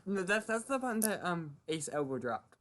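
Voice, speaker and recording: A woman's voice: lowish voice, sing-song, moderate pace, fairly bright tone. A woman chatting casually about a tabletop game, giggling often. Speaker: player. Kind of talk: casual chat among friends.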